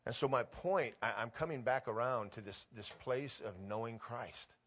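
A middle-aged man preaching a sermon, telling a family story and reading scripture aloud with growing excitement. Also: medium pitch, normal speed, husky. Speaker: pastor.

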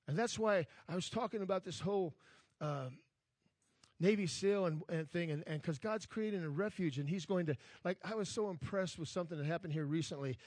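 Man, pastor, sermon, earnest preaching, fairly high pitch, repeats words, dry close sound. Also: brisk, a little mellow, dry recording. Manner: earnest preaching, rising in force when quoting scripture; repeats words, frequent "amen?" to the congregation.

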